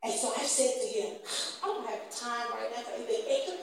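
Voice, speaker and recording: A woman minister giving a testimony sermon to a congregation, calling for responses and rising to shouts. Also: fairly high pitch, brisk, gravelly, a little hiss or hum. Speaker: church minister. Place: church. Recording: very echoey church hall, mic at a distance.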